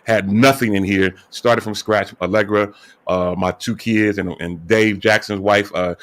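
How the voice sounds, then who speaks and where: Upbeat low-voiced male radio host. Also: a little slow. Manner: upbeat, chatty, lively shout-outs. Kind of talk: casual online radio talk.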